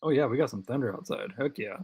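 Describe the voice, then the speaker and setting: A quick, mid-range voice, a little mellow and slightly rough, comes from the host of a live diecast chat stream. He reads viewer comments in a loose, rambling manner thick with fillers and repetition, sounds short on sleep, and does a joke Canadian accent.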